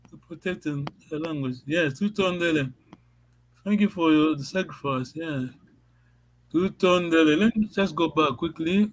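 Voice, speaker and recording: A man teaching a language class on a video call, patient and halting, often repeating words and laughing. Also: fairly high pitch, low-quality recording.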